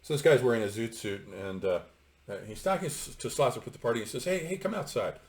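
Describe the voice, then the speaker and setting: A man's voice: medium pitch, animated, fast talker, a little mellow. A middle-aged man giving an unscripted, discursive commentary on a novel, opinionated and full of fillers. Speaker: literature lecturer.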